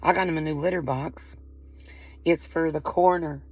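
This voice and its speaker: A woman's voice: low-pitched, fairly even intonation, moderate pace, breathy edge. A woman with a Southern Appalachian accent who chats casually to the camera, rambling and folksy and often breaking off her own sentences. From Appalachian coal country, US. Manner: rambling, folksy, interrupts herself. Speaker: vlogger.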